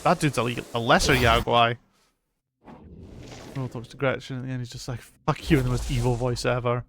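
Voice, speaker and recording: A man's voice: mid-range voice, little pitch movement, a little fast, a bit bright, slight background noise. A man, casually commenting on a game he is playing, chatting with viewers and reading lore aloud, swearing freely. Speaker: game streamer.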